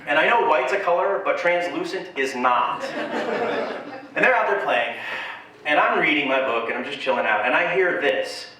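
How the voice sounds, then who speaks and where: A man's voice: fairly high pitch, lively intonation, moderate pace, crowd noise. A man doing a stand-up comedy set on stage, telling a story and acting out the voices of the people in it. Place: live venue on stage. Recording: very echoey live venue, distant mic.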